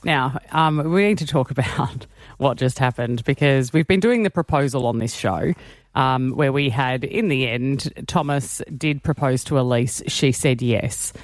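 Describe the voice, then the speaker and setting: A woman radio host telling stories with animated banter, laughing often and acting out the quotes. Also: rumbling low, unhurried, dry recording.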